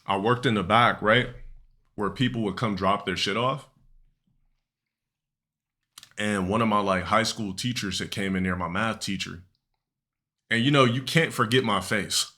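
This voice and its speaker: A man's voice: fairly low pitch, normal speed, pauses often, pushed and bright. A young man streaming live, telling a long, rambling, profane story to his chat with many restarts and fillers.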